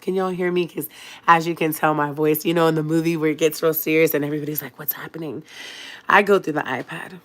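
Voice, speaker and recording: A young woman from California, a bit sick with a cold, telling a dramatic personal story to her livestream viewers in a chatty, expressive way. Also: deep voice, a little fast. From Fresno, California. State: has a cold. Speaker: vlogger.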